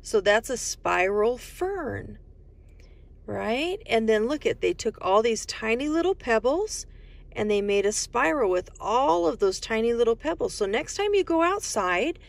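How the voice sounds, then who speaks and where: A woman reading a picture book aloud to young children, speaking slowly in a sing-song way and asking the listener many questions. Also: fairly high pitch, sing-song, vocal fry. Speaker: children's storytime host.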